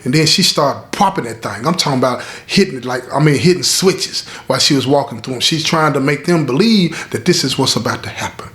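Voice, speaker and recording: A man's voice: mid-range voice, expressive, a little fast, few pauses, a bit bright. A middle-aged man, a former inmate, telling a story in an emphatic, direct way and speaking straight to his listeners. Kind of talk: casual storytelling.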